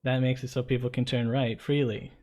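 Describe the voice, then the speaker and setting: Male co-host, chatty anecdote-teller, average pitch, casual tone. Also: fairly quick. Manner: animated anecdote-teller, conversational. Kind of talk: casual storytelling chat.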